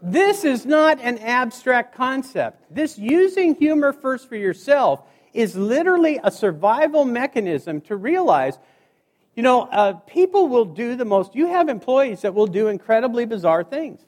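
Guy telling funny stories onstage, high lively voice, big echoey hall. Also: a little slow. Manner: animated storyteller acting out dialogue. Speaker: keynote speaker. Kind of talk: humorous motivational speech. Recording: hall reverb.

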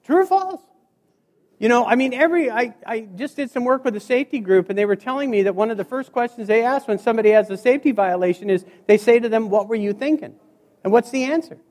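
Male keynote speaker, animated, acts out dialogue, very expressive pitch, reverberant hall. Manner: animated storyteller acting out dialogue. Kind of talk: humorous motivational speech.

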